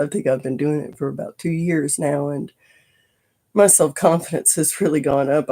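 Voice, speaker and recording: A body painter talks casually on a live stream from a home studio, rambling along and slipping into soft asides. The voice is gravelly and husky, with a mellow, dark tone. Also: mid-range voice.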